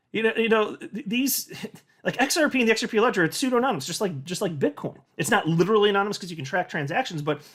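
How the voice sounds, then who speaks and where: A man's voice: high voice, a bit bright. Guy ranting away on his crypto channel, exasperated and sarcastic, voice jumping all over. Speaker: crypto commentator. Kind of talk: ranting commentary video.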